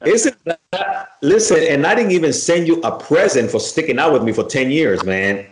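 A man's voice: a little high, lively intonation, normal speed, a crowd in the background. A man hosting a religious radio show and chatting with his co-host, enthusiastic and friendly. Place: Miami area. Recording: roomy echo.

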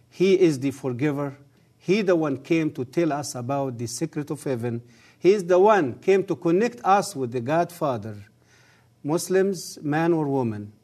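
A guest on the program gives an earnest testimony and appeal in halting English marked by non-native grammar. His medium-pitched voice has a dark tone, and his delivery is measured and solemn.

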